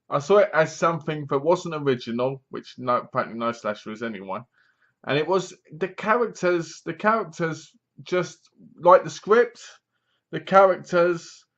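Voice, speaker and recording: A man's voice: on the high side, fairly bright tone, dull audio. A man reviewing a horror film in a casual, rambling, sarcastic way. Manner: sarcastic, mocking, meandering.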